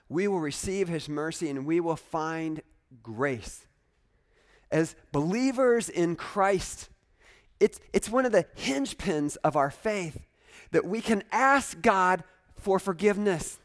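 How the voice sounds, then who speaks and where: A man preaching a sermon as a pastor, in an animated, conversational way with frequent asides to the congregation. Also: a little high.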